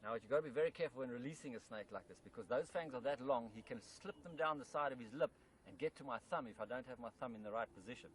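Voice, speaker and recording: A man's voice: medium pitch, rapid-fire, rough recording. A man presenting a wildlife programme outdoors in farmland, enthusiastically explaining while he handles a snake.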